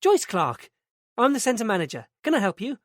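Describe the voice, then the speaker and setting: A man's voice: high-pitched, big pitch swings, moderate pace, no room sound, clean studio sound, voice pushed up. A man voicing a flustered middle-aged woman who runs a day centre, in a raised, fluttery voice. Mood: brisk. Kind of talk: audiobook character reading.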